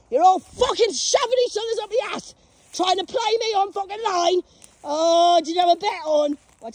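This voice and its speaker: A woman ranting profanely outdoors in a graveyard, shouting at unseen enemies on a phone camera. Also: very high-pitched, dry recording. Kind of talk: ranting spiritual vlog.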